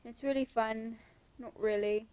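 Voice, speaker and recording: High-voiced young woman faking a British accent. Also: fairly even intonation, moderate pace, darkish tone, highs cut off. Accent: put-on British. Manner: sarcastic, ranting. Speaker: vlogger. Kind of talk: casual vlog rant. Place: her bedroom.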